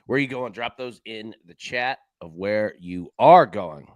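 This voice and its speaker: Unhurried and low-voiced, this man runs a sports betting show with animated, easygoing banter, peppering his slang with plenty of "man" and "dude." The recording is dry.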